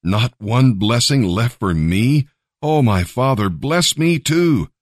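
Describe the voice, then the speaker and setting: A man's voice: lowish voice, expressive, unhurried, dry recording, studio quality. A man reading the part of a grown son who pleads and speaks bitterly. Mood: pleading.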